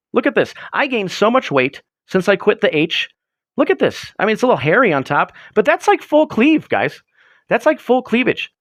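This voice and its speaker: A man hosting a livestream who rambles and mock-rants with plenty of swearing. His voice is high and jumps all over, and it sounds dry and close. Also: fairly bright tone, no echo. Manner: rambling, profane, mock-ranting. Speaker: livestream host. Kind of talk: casual livestream chat.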